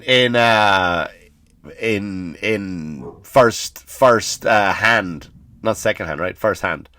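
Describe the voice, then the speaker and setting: A man's voice: mid-range voice, bright, forceful tone, no room sound. A man hosting a comedy podcast, ranting from home with blunt, profane sarcasm and lots of stammered restarts.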